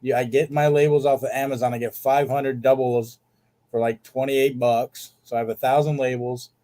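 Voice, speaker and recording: A man's voice: medium pitch, flat delivery, moderate pace, warm tone. A man hosting a live card-sale stream, chatting casually and listing cards as he shows them.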